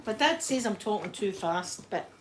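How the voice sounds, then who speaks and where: A woman with a Glaswegian accent chatting to live viewers in an animated way, a little breathless as she recovers from illness. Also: medium pitch, moderate pace, noisy background. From Scotland. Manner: chatty, animated storyteller, reads out chat names. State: a bit breathless after illness. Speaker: livestream host. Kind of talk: casual chat with live viewers.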